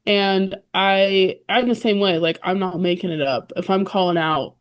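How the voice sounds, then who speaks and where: A woman's voice: medium pitch, normal speed. A young woman co-hosting a podcast, chatting bluntly and laughing easily. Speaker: podcast co-host. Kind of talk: casual chat.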